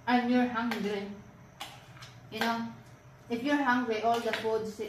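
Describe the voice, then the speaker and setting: A woman's voice: a little high, level tone, unhurried, noisy background. A chatty woman with a Filipino accent talks at the dinner table, coaxing and insistent. Her voice carries in an echoey room, picked up from some distance with clinking dishes and pans behind her. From Philippines. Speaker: vlog host and wife. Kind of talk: casual dinner-table chat. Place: home dining table.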